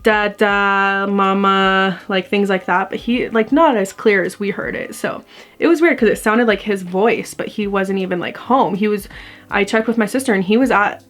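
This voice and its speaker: A woman's voice: medium pitch, normal speed, faint music behind. A young adult woman telling a ghost story to her camera in a casual, rambling way, full of fillers. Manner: chatty, rambling, heavy use of "like". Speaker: vlogger. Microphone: camera mic.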